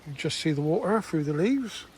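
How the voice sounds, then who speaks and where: Older male vlogger, chatty walking commentary, slightly high voice, faint outdoor hiss. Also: lively intonation, moderate pace, darkish tone. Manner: chatty, rambling with restarts. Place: outdoors in countryside.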